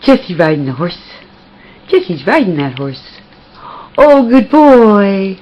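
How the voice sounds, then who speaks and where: A woman's voice: medium pitch, sing-song, slow, highs cut off. A woman filming her pet at home on a handheld camcorder, coaxing and praising it in cooing baby talk. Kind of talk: home video chat with a pet.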